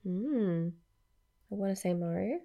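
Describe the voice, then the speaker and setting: A woman co-hosting a casual podcast sounds sleepy and freshly awake, speaking dryly and offhandedly. Her voice is medium-pitched and gravelly, with lively intonation at a measured pace. The audio is dull.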